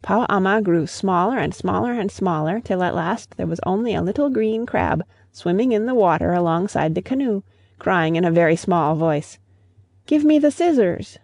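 Gravelly storybook narrator. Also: medium pitch, normal speed, no echo, clean studio sound. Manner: addresses the listener as "best beloved".

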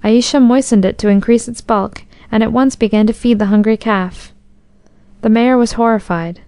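Mellow-voiced woman reading a storybook. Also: on the high side, fairly even intonation, normal speed, clear, resonant tone, no echo. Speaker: narrator. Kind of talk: storybook narration.

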